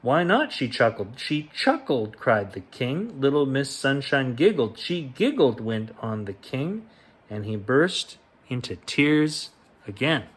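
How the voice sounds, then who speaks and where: A man reading a children's picture book aloud as a bedtime story, gentle and unhurried, giving the quoted lines their own ups and downs. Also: medium pitch, animated, husky.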